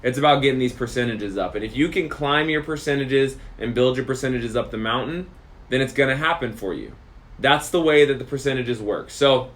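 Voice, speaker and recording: A man's voice: mid-range voice, a bit bright. Emphatic man giving a motivational talk. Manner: emphatic, repeats phrases for effect. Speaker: podcast host. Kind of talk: motivational monologue.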